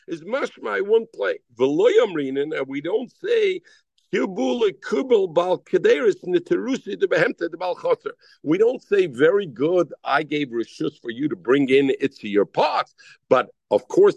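A man's voice: on the high side, gravelly, darkish tone, no room sound. A man teaching a Daf Yomi Talmud class, calling on students by name and mixing in Hebrew and Aramaic terms.

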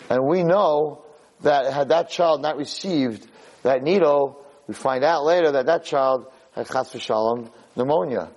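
A man teaching a religious lesson through animated storytelling, acting out the people in his stories. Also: medium pitch. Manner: animated storyteller, acts out characters. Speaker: Torah teacher. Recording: podcast audio.

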